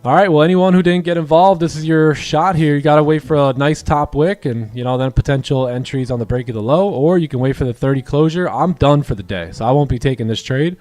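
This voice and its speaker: A man hosting a live trading stream, encouraging his students and telling animated stories with voiced quotes. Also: fairly quick, hardly any pauses, dry recording, faint music behind. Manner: animated storytelling, acts out quoted dialogue in a higher voice; encouraging, motivational. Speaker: day-trading coach and stream host. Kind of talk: casual livestream chat.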